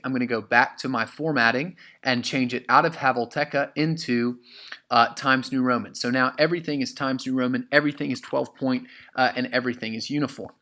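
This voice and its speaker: A man's voice: mid-range voice, sharp tone. A man teaching an English class over a screen recording, asking and answering his own questions with many "uh"s and "okay?" checks. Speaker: high school English teacher. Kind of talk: screen-share lesson.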